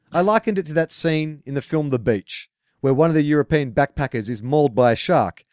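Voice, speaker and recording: A man co-hosting a sports podcast, chatting and reading a listener letter in a laid-back, low-key way. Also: darkish tone, no room sound, studio quality. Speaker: podcast co-host.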